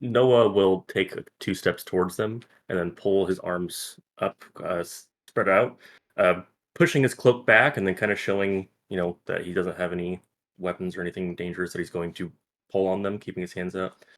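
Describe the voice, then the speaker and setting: A man's voice: low voice, steady tone, moderate pace. Man hesitantly describing his moves. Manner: hesitant, with many fillers. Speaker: player.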